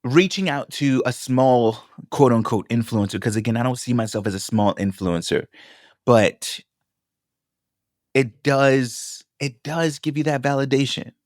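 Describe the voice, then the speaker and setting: A young man, a podcast host and food vlogger, talks solo in a sassy, affirming, casual way, calling listeners "baby" and hyping them up like a pep talk that builds to emotional encouragement. His ordinary middle-pitched voice moves at a measured pace, recorded dry and close with no echo or room sound.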